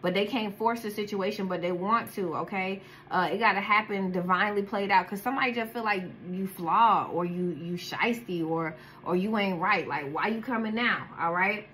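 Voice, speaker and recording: A woman's voice: mid-range voice, moderate pace, few pauses, fairly bright tone, slight background noise. A woman with a daughter doing a casual tarot reading, talking bluntly with heavy slang and profanity. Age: adult, has a daughter. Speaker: tarot card reader.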